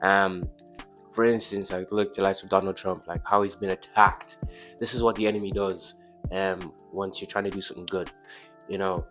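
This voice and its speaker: Young guy guesting on a podcast, lowish voice, keeps stumbling over words, faint music behind. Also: little pitch movement, normal speed, a bit bright. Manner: hesitant, stumbles and repeats words. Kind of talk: casual podcast chat.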